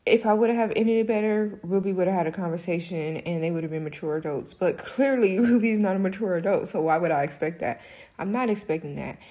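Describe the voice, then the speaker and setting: A woman's voice: lowish voice, a little fast, warm tone. A young woman chatting casually about a book she finished, rambling through the plot with fillers and giving frank opinions. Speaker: book reviewer. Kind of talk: casual book review chat.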